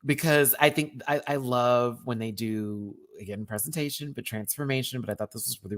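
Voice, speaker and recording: A man's voice: medium pitch, brisk, few pauses, fairly bright tone. A man from Texas with a light Southern twang, ranting animatedly in a casual review and repeating words for emphasis. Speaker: drag show reviewer. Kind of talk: casual video review rant.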